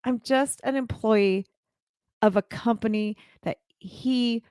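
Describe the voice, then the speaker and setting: A woman's voice: a little high, slow, darkish tone, clean tone, no echo, studio quality. A woman giving an earnest, emotional faith talk to business leaders on a live stream, speaking straight to her viewers. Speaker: childcare business coach and owner.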